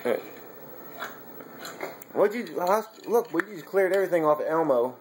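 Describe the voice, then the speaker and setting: A man's voice: on the high side, expressive, moderate pace, a little hiss or hum. A man feeding his young child at home, coaxing him to say words and laughing often. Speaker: father feeding his toddler. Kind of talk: casual home video chat.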